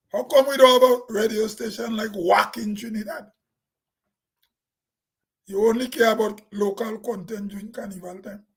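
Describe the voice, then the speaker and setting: A man's voice: sits high, fairly bright tone, slightly rough, low-quality recording. A Grenadian man talking plainly in a casual, rambling vlog monologue, laughing to himself now and then. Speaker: vlogger.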